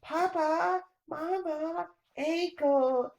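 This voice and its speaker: Woman playing a stubborn young boy, high voice, blunt, urgent, very slow, echoey room. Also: darkish tone, full character voice.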